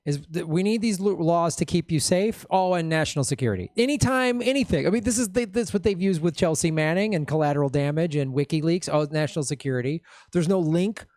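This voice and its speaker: A man's voice: a little high, brisk, few pauses, a little mellow, no room sound, clean studio sound. A man in casual political talk, sarcastic and joking, slipping into mocking voices.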